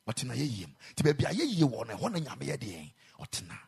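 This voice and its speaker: A man preaching a sermon in a chapel, moving between quiet speech and loud sung exhortation. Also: medium pitch, huge pitch swings, fast talker, vocal fry, breathy edge.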